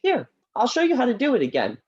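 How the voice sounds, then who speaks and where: A woman voicing an upbeat, patient puppet friend who works as a teacher, speaking in a cheerful, encouraging and brisk manner. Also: a little high, huge pitch swings, a little mellow, husky, highs cut off, full character voice. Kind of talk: puppet play acting. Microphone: laptop video call.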